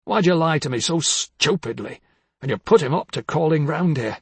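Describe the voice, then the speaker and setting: A man reading the part of a bitter, jealous older husband, accusing and husky, dropping to hushed tones and rising to harsh outbursts. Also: a little high, expressive, moderate pace, no room sound, heavily acted. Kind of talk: dramatic audiobook reading.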